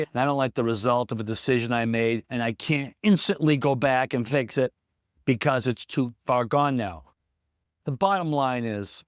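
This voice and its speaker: A man's voice: mid-range voice, clear, resonant tone, no room sound, studio quality. A man who runs a small business, telling a candid personal story in a vlog, plain-spoken and reflective. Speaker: small business owner in recovery.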